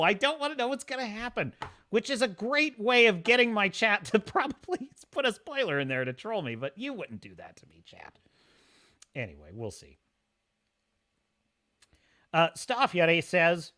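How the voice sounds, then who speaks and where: A man hosts a casual livestream, rambling and reading chat messages aloud. His voice sits a little high, bright and forceful. He gets excitable and talks in quick bursts. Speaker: livestream host.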